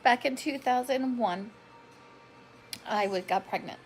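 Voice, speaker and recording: Her voice leans high and unhurried as she talks through her health story on a live stream, emotional and chatty, naming viewers as they arrive. She's in her forties and describes herself as a drama queen; the recording is rough, with a little hiss or hum.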